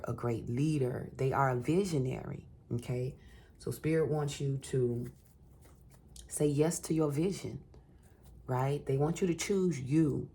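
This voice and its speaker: A woman's voice: rumbling low, dark tone, slightly rough. A woman giving an encouraging collective tarot reading, repeating phrases for emphasis and calling the listener baby and honey. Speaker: tarot reader.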